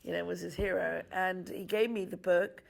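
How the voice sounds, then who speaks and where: A woman's voice: on the low side, steady tone, normal speed, creaky. A woman film director in a casual interview, teasing and laughing, then telling a story at length.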